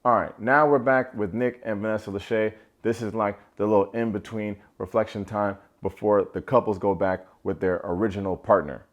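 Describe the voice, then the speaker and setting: A man recapping a reality dating show in casual commentary. He is animated and sarcastic, drops slangy asides, and jumps between low mutters and sudden high exclamations. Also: normal speed, hardly any pauses.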